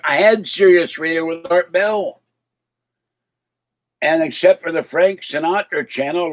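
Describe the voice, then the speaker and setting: A man's voice: on the high side, rough recording. Rambling man with a slight slur. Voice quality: slight slur from missing teeth. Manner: rambling, chuckling asides to chat. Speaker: livestream host. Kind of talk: casual livestream chat.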